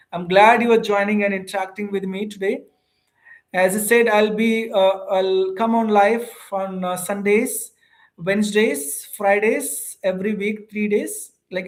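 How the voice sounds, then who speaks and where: Chatty Indian English teacher live-streaming. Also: medium pitch. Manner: chatty and animated, reads and answers viewer comments, frequent "uh" fillers. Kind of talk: casual live-stream chat with viewers.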